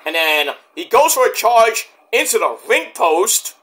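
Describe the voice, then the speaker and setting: A man's voice: high voice, sing-song, measured pace, sharp tone. A man giving a rambling, profane, casual review of a wrestling event.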